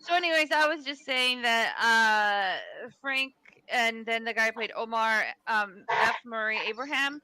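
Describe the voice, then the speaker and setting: A woman's voice: fairly high pitch, animated, measured pace, few pauses, bright, forceful tone, clean tone. A woman on a headset co-hosting a casual movie review chat, hesitant, with many ums as she thinks aloud. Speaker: podcast co-host.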